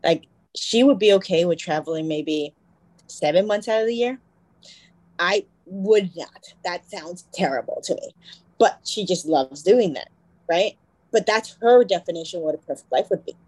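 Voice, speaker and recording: Co-hosting a podcast, a young woman chats casually at a moderate pace, rambling, correcting herself, and quoting people with animation. Her voice is on the low side, and the audio is poor but free of echo.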